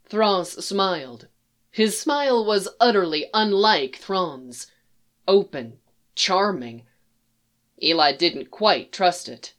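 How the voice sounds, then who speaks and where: A woman reading a science fiction story aloud in a calm, even storytelling manner. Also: fairly low pitch, takes it slowly. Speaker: audiobook reader.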